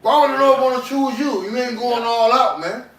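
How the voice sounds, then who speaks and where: A man leading a casual faith group discussion, exhorting the others in a preachy way and filling pauses with strings of "um". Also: very high-pitched, fairly bright tone. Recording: echoey room, mic far off.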